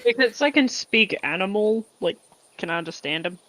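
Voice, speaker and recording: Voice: medium pitch, expressive, normal speed, bright, forceful tone, poor audio. A tabletop player with an Australian accent, casual and giggly, often trailing off. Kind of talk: tabletop role-play.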